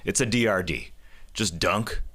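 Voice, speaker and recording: Male co-host, low voice, bright, casual analysis. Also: measured pace. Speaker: podcast co-host. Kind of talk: sports analysis chat.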